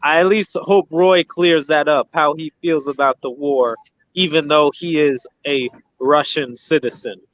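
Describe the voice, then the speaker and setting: Rambling man with a slightly high voice. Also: steady tone, measured pace, a bit bright, slight background noise. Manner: rambling, lots of fillers and restarts. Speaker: host of a boxing livestream. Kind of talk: casual chat. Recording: dull lo-fi sound.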